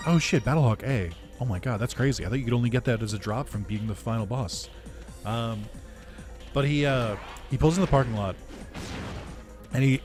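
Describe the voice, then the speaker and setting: A gaming video creator with a mid-range voice casually tells a story over gameplay. He's animated, swearing and laughing as he acts out what people said.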